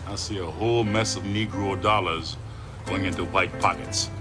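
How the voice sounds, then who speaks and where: A man's voice: low voice, fairly even intonation, normal speed, music in the background, natural voice. A man playing a stern, preachy older preacher. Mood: stern sermonizing. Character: fiery older male preacher lecturing his flock. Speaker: pastor. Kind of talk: film drama acting. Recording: film audio with long reverb and score.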